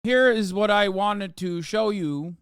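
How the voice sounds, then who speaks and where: A man in his thirties streaming live, reacting to posts with profane, mocking commentary that swings from loud outrage to mumbled asides. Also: sits high, slow pace, clear, resonant tone, no room sound, studio quality.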